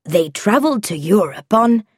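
A woman's voice: mid-range voice, lively intonation, moderate pace, slightly rough, no room sound, clean studio sound. A woman reading the lines of an absent-minded elderly professor father in a storybook, fussy and mildly irritable. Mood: enthusiastic.

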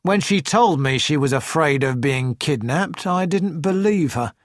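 A man's voice: on the high side, animated, measured pace, no room sound, clean studio sound. A man reading aloud as a grave, gloomy male police inspector asking questions.

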